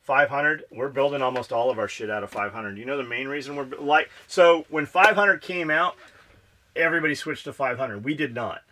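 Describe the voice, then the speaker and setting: A man's voice: mid-range voice, brisk, bright, forceful tone. A man co-hosting a podcast, chatting casually and profanely, joking and reading out listener comments. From Pennsylvania. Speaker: podcast co-host. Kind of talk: casual chat.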